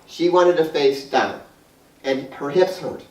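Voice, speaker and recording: A man with a New York accent telling a long, animated story to a small group, rambling with restarts and laughter. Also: on the high side, slow pace. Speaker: guest speaker. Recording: roomy hall, mic far off.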